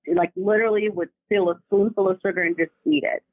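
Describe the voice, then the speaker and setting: A woman's voice: medium pitch, fast talker, no echo. Woman caller, chatty storyteller, tinny phone line, dry sound. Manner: animated, chatty, slangy. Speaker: caller telling family ghost stories. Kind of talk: casual storytelling over the phone. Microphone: phone call.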